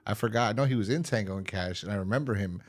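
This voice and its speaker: A man's voice: on the low side, racing. A man co-hosting a podcast, chatting casually and rambling through stories with frequent laughs. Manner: rambling storyteller who laughs often. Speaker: podcast co-host. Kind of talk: casual review chat.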